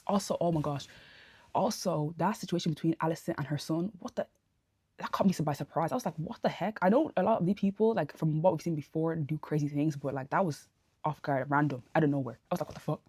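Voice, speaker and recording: A woman giving a casual spoken TV review into a phone camera, ranting in an animated, exasperated way full of slang. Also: deep voice, quick pace, slightly rough, no echo. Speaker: TV review vlogger. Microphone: phone camera held close.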